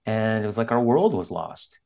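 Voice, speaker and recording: A man's voice: lowish voice, big pitch swings, moderate pace, gravelly, darkish tone. A man speaking as an interview guest, telling a candid personal story in an earnest, openly emotional way. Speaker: guest author.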